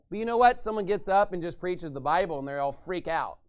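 A man's voice: high voice, expressive, brisk, few pauses, smooth. A man preaching a sermon as pastor, ranting and mocking others in put-on voices.

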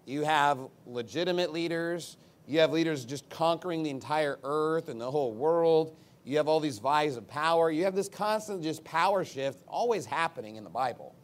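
Forceful combative male preacher, fairly high voice. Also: animated, moderate pace, few pauses. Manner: emphatic, combative, sarcastic asides; big swings in pitch and loudness. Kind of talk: sermon.

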